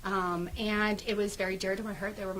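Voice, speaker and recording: A woman's voice: medium pitch, flat delivery, a little fast, a bit bright, a little hiss or hum, low-quality recording. A woman guest in an interview, telling her own story earnestly, with many restarts and fillers.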